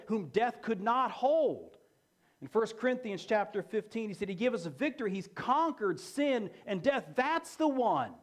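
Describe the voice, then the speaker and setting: A man preaching a sermon as pastor, emphatic and repeating key phrases for effect. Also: sits high.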